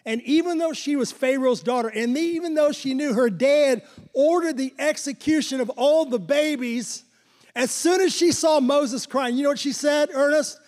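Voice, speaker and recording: A man's voice: very high voice, moderate pace, darkish tone, big-room sound. An older man preaching a sermon in a church sanctuary, fervent and repetitive, with chuckles. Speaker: pastor.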